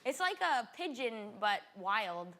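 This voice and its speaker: Bright-voiced young woman from Alaska. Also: a little high, big pitch swings, slow. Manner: chatty, giggly, uses "like" a lot. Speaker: talk show guest. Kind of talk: casual chat.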